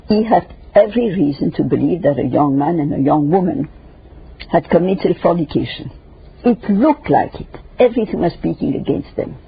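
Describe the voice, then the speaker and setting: An older woman guest in an interview discussion, speaking emphatically and lecturing in numbered points with a raspy, gravelly voice. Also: low-pitched. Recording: dull lo-fi radio recording.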